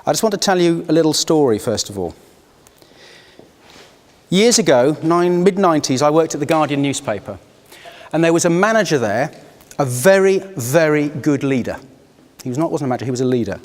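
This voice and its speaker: A man's voice: a little high, animated, quick pace, long pauses. A man facilitating a workshop, telling a personal story and inviting the group to take part in a reflective, personal way. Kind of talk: live workshop talk to a group. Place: conference room. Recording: long hall reverb.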